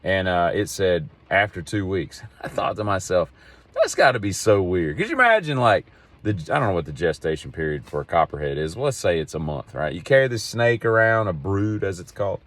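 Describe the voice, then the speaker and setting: A man's voice: deep voice, sing-song, a little fast, a bit bright. A middle-aged man, talking in a rambling, wry monologue as a podcast host. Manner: digressive storyteller, wry and exasperated.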